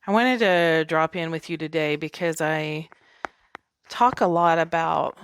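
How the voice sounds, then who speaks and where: A woman's voice: low-pitched, fairly even intonation, unhurried, slight background noise. A woman from the American South hosting her podcast, talking in a chatty, candid, self-deprecating way. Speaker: podcast host. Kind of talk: casual spiritual monologue.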